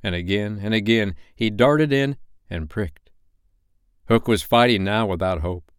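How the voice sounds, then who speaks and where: Smooth low-voiced male storyteller. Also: dry recording, studio quality. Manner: measured, expressive reading. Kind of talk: bedtime story reading.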